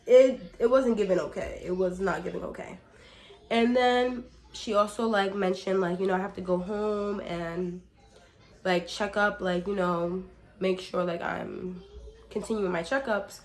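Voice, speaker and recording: Young woman, hoarse from a cold. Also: medium pitch, moderate pace. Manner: chatty, swears freely, frequent "like" fillers; addresses viewers directly as y'all. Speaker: vlogger. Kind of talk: casual storytime.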